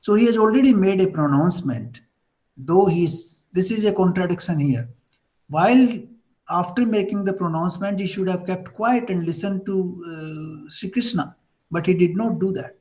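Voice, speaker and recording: High-pitched Indian man teaching scripture. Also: moderate pace, dark tone, low-quality recording. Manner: thoughtful, with frequent fillers and restarts. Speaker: spiritual teacher. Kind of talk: explaining scripture in a lecture.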